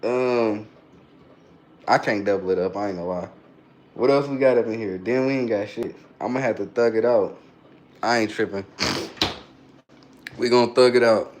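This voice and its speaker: A man's voice: fairly low pitch, moderate pace, long pauses, a little mellow, a little hiss or hum. Queasy man burping through a livestream. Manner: loose, joking, reads chat aloud. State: burping, queasy after hot sauce. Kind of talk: casual livestream chat.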